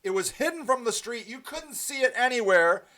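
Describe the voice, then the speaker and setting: A man's voice: very high-pitched, lively intonation, moderate pace, sharp tone. A man hosting a livestream, ranting angrily and profanely to his viewers and answering their comments, with many ums and restarts. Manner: profane, angry and emphatic, with frequent ums and restarts.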